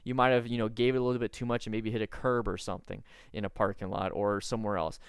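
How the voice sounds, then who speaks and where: A man's voice: fairly low pitch, steady tone, fast talker, clean tone, no room sound, clean studio sound. A man who coaches motorcycle riders, giving earnest, instructive video commentary and now and then trying not to laugh.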